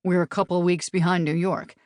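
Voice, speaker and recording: A woman's voice: fairly low pitch, little pitch movement, fairly quick, a little mellow, dry recording, clean studio sound, lightly acted. A woman voicing an amiable male US marshal with a Southern accent and a teasing, easygoing manner.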